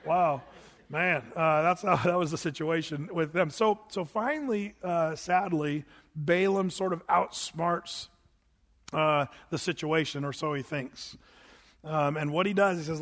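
A man's voice: high voice, normal speed, long reverb tail. A man preaching a casual sermon, reading scripture and retelling a Bible story in a folksy way with many restarts.

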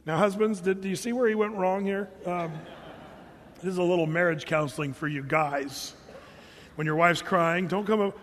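A man preaches with a relaxed, joking delivery, pausing for asides to the congregation. His voice sits fairly high for a man. The sound rings with a long reverb, like a big hall. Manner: humorous, conversational preaching with quoted asides. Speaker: pastor. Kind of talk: sermon.

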